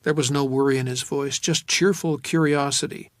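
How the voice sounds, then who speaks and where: A man narrating a first-person audiobook in a measured, wry, low-key manner. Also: fairly even intonation, dry recording, clean studio sound.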